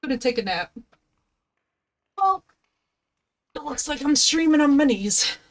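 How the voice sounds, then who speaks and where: A woman's high-pitched, expressive voice comes through a headset as she streams a game live without hurrying. She keeps up playful, casual chat with viewers and coos at her dog.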